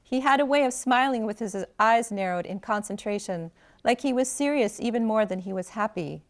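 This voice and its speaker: A woman author reads her own novel aloud, first person and steady. Her voice sits somewhat high. The narration is clear and evenly paced, like an audiobook reading. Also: normal speed.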